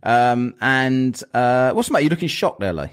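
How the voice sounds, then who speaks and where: A man's voice: mid-range voice, big pitch swings, normal speed, smooth. A man hosting a podcast in a casual, jokey chat, rambling with plenty of fillers. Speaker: podcast host.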